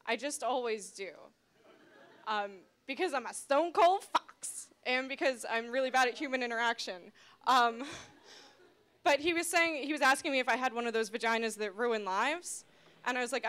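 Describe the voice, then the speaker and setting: Bright high-pitched young woman comic. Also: moderate pace. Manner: rambling, self-deprecating, shifts into loud shrill voices for quoted bits. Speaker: stand-up comedian. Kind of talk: stand-up comedy set.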